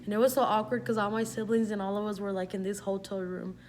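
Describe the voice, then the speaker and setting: A young woman tells her own story in a casual vlog. She rambles along with plenty of "like" and the odd Spanish phrase. Her pitch stays fairly flat throughout, and a faint hum sits under the recording. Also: fast. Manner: rambling, heavy use of "like", slips into Spanish. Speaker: vlogger.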